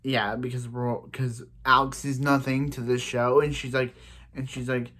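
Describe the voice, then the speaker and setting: A man's voice: medium pitch, little pitch movement, moderate pace, pushed and bright. A man casually recapping a TV episode, rambling with many restarts and "he's like" retellings. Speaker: TV episode reviewer.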